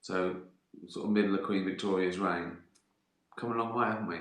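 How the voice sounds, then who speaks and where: A middle-aged man with a low, slightly bright voice and fairly even intonation chats a little fast on a livestream, his sound reverberant. Taking viewer questions casually, he rambles, swears, and laughs at his own yarns.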